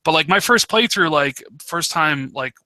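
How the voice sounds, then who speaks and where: A man with a very bright, sharp voice on a gaming podcast, recorded dry and close. He lays out his opinions analytically and often restarts his sentences. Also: on the high side, lively intonation, normal speed, dry recording. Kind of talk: casual gaming podcast chat.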